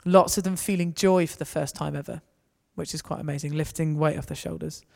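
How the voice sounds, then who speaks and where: A woman's voice: low-pitched, fairly even intonation, a little fast, vocal fry, darkish tone. A woman giving a conversational, anecdotal talk to a gathering. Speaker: speaker. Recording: reverberant hall.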